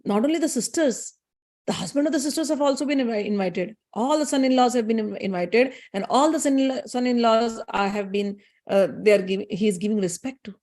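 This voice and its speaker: A woman retelling a sacred legend in a chatty, animated way. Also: a little high, fairly quick. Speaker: storyteller. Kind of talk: casual scripture storytelling.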